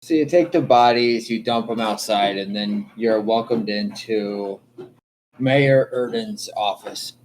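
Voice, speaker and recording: A man's voice: fairly low pitch, darkish tone, a little hiss or hum, low-quality recording. A man narrating as game master in a casual tabletop game session. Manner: slow, loose narration with fillers.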